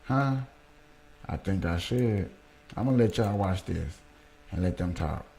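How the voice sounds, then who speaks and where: A man's voice: deep voice, animated, vocal fry, mellow. Streamhost, man, lage stem, praat heel traag met nadruk en grapjes. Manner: slow, emphatic, talks to chat, jokes. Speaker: livestream host. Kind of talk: casual commentary on a played clip.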